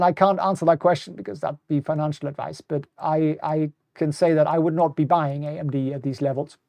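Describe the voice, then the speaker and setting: A man's voice: on the high side, warm tone, no echo. A middle-aged man from Germany with a German accent mixed with British English, casually commenting on markets in a live stream, often repeating words and answering viewer questions. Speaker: host.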